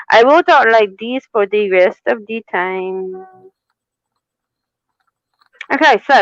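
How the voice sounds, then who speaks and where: A woman's voice: a little high, big pitch swings, slow pace, pauses often, a bit bright, clear, resonant tone, no room sound. A woman who is a tarot reader, chatting in a sassy, playful, teasing way during a live reading. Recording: dull, muffled mic.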